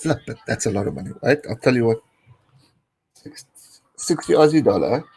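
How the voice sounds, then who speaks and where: A South African man in his late twenties gives loose, chatty commentary as he watches a match live. He gets excitable and cheers at the screen. His voice sits at an everyday middle pitch. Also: normal speed, husky, faint music behind, low-quality recording. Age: late 20s. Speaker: live-stream host. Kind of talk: casual watch-along commentary.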